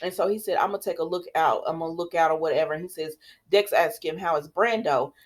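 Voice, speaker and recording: A woman's voice: low-pitched, fast. A woman casually retelling a soap opera episode in a rambling, chatty way, quoting the characters' lines. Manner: chatty, rambling, with many fillers and quoted dialogue. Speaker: soap opera recap host. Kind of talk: casual spoken recap.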